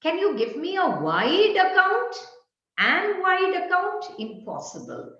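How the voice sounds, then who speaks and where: Woman, online teacher, unhurried, animated, quizzes and answers herself. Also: extremely high pitch. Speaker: English teacher. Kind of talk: online lecture. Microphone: video call. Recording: echoey room, dull lo-fi call audio.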